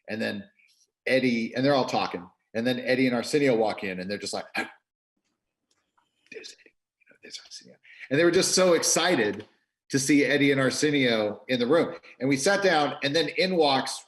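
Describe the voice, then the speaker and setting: A film director on a video call, telling stories in an animated way, acting out quotes with many restarts. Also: male voice, mid-range voice. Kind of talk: interview storytelling.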